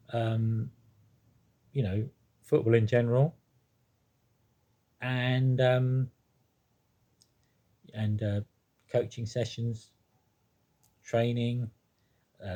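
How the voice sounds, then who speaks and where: Man, slow speech, husky voice, mellow tone, hesitant, lots of ums and restarts, casual monologue. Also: medium pitch. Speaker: football fan commentator.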